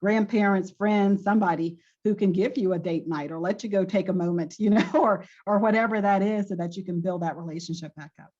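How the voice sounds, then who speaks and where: A woman's voice: medium pitch, a little fast, few pauses, darkish tone, dull audio. A woman, a guest expert on marriage, giving frank, chatty answers and laughing often. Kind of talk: candid interview answer.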